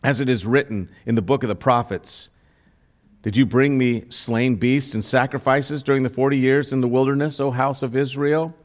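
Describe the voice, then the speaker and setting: A man's voice: mid-range voice, steady tone, moderate pace. A man preaching a sermon as a pastor, reading scripture aloud and then explaining it, sometimes rising in intensity and asking the listeners direct questions.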